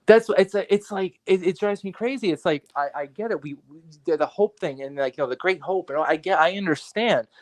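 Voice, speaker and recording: A man talking in a casual podcast conversation, animated and profane, repeating himself as he rants. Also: sits high, a little fast, few pauses. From New York area. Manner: animated, profane, ranting with repetitions. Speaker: guest artist and photographer.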